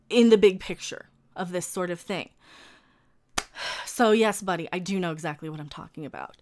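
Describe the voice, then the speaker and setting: A woman's voice: medium pitch, moderate pace. A woman YouTuber ranting heatedly to camera, profane and combative, answering her critics directly and repeating herself when worked up.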